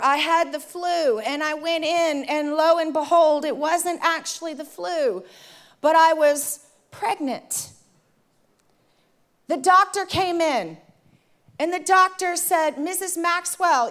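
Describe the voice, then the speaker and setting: High-voiced woman telling a sermon story. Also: slow. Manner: animated, addresses the audience directly, conversational. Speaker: preacher.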